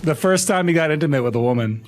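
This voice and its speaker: A man's voice: a little high, animated, fast talker, slight background noise. A man chatting casually on a live stream, telling crude jokes and breaking into frequent laughter.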